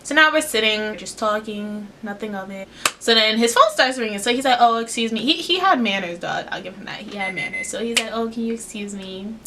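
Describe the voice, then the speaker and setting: A young woman telling a casual storytime vlog in slangy, run-on sentences, acting out quotes with big jumps in pitch. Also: expressive, a little fast, noisy background. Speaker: vlogger.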